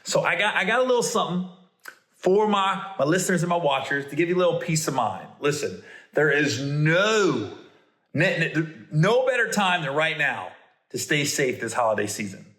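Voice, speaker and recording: A middle-aged man, a comedian hosting a podcast, telling stories and reading ads in a playful, animated way with stammering restarts. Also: on the high side, moderate pace. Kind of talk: casual storytelling and ad reads. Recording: roomy echo.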